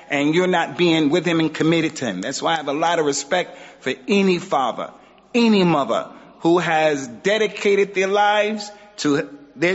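A man giving an emphatic religious lesson in a mosque, exhorting his audience. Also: a little high. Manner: emphatic, exhorting, acts out quotes. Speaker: Islamic teacher. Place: mosque hall. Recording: dull sound with long hall reverb.

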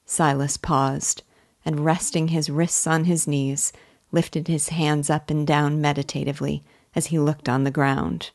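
A woman teacher reading a classic novel aloud in a measured, clear way. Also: low-pitched, flat delivery, darkish tone, dry recording, studio quality.

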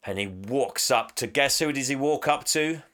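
A man casually recapping a film plot as a podcast co-host, animated and laughing often. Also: mid-range voice, normal speed. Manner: animated, laughing, acts out quotes. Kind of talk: casual chat.

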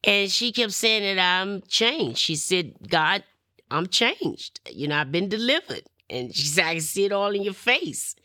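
A woman's voice: medium pitch, expressive, a little slow, bright, forceful tone, no room sound, studio quality. A woman, telling her personal testimony in an interview and acting out the people in her story.

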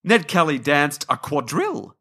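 A man, co-hosting and retelling history as a joking, animated comic story. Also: fairly high pitch, normal speed. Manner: animated, joking, acts out characters. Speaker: podcast co-host. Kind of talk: comedic storytelling.

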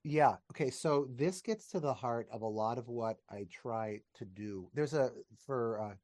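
A man's voice: medium pitch, measured pace, darkish tone. A man, a podcast guest and teacher, explaining ideas in casual conversation with enthusiasm, wandering off on tangents and laughing as he talks, recorded over a video call.

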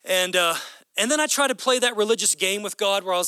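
High, bright-voiced animated male pastor. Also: quick pace, smooth, no echo. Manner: animated and conversational, acting out dialogue. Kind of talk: sermon.

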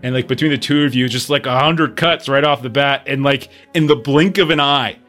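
A man acting as game master in a tabletop game, describing the action in a relaxed, rambling way. He speaks at a middling pitch, full of "like" and "uh" as he goes, with faint music underneath. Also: brisk. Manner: casual, rambling, with many fillers.

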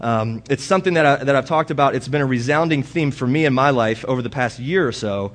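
A young man giving a casual sermon in a church, telling personal stories and mimicking arguments in a raised voice. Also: quick pace. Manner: animated storytelling, mimics quarrels in a high voice. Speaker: guest speaker. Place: church hall.

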